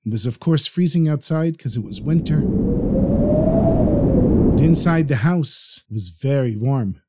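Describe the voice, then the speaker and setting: A man narrating a traditional religious story in an animated, vivid way. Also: medium pitch, unhurried, very noisy.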